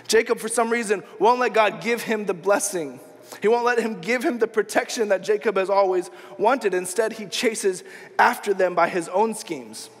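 A man preaching a sermon as pastor, retelling a story casually and acting out the quoted lines. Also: high-pitched. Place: church sanctuary. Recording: long church reverb.

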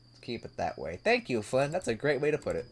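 A man's voice: mid-range voice, big pitch swings, fast talker, creaky, slightly rough. A man casually commenting on a dating sim as he plays, chuckling and talking to his viewers. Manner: laid-back, chuckling, talks to viewers while reading a visual novel. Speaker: gaming video host. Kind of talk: casual let's-play commentary.

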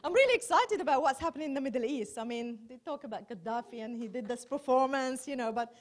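High-voiced woman telling self-mocking stories. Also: lively intonation, quick pace. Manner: chatty, self-mocking storytelling with wry asides. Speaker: journalist doing stand-up. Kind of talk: stand-up comedy set. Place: large hall before a live audience.

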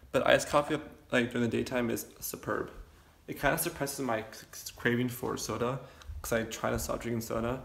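A man's voice: medium pitch, vocal fry, echoey room, noisy background. A young man rambling casually to camera in his home kitchen, chatty and self-deprecating. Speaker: vlogger. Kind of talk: casual vlog chat.

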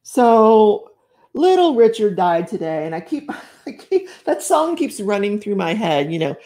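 A woman's voice: mid-range voice, big pitch swings, normal speed, mellow. A middle-aged woman hosting a live stream, chatting casually and effusively while she crafts, greeting viewers with lots of exclamations. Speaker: livestream host.

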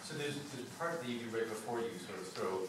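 A man's voice: medium pitch, fast, background noise. Man, dance student, hesitant questions, distant, heavy echo. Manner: asks about moves in a hesitant way. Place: dance studio, indoors. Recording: echoey studio from a distant camera.

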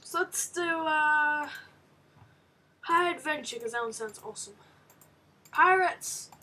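Woman gamer, high voice, unhurried delivery, slightly off-mic; excitable let's-play commentary. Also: far from the mic. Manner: excitable, reads game text aloud with reactions. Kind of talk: casual game commentary.

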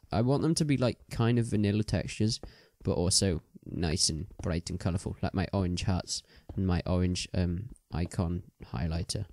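A man's voice: sits low, a little mellow, dry recording, studio quality. A young man chatting casually as he plays a game, rambling with many ums and restarts. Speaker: gaming video host.

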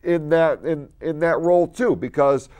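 A man's voice: fairly high pitch, normal speed, darkish tone, clean tone. A man hosting a local TV talk show, giving an earnest motivational talk in the studio that builds to emphatic points.

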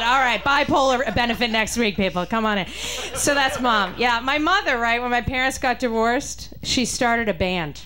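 A woman's voice: a little high, moderate pace, fairly bright tone. A woman from Boston with a Boston accent, doing a stand-up comedy set with a chatty, punchy delivery aimed at the audience. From Boston, Massachusetts.

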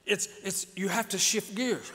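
High, bright-voiced fiery preacher man. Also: measured pace. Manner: fiery, builds to shouts, folksy asides. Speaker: pastor. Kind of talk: preaching a sermon. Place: large church hall. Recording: reverberant church hall.

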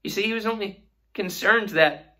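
A woman's voice: medium pitch, moderate pace, pushed and bright. A woman teaching a Sunday school Bible lesson in an earnest way, asking her listeners questions.

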